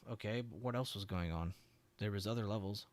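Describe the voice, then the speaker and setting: A young man talks through his market charts on a live stream in a low, easygoing voice. He chats with viewers, swears casually and laughs easily. The sound is dry and close, with no room around it. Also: a little fast, no echo. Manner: relaxed, chatty, swears and laughs, answers viewers. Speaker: trading stream host.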